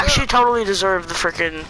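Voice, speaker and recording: Excitable male vlogger, lively rambling storyteller, with a high voice that swings up and down. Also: normal speed, rough recording. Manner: excitable, rambling, says freaking a lot. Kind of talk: storytime vlog. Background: background music.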